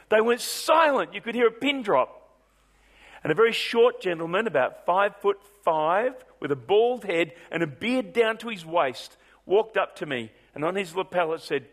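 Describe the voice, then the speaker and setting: High-voiced animated preacher man. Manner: animated storyteller, swings from brisk to drawn out. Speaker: pastor. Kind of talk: sermon storytelling.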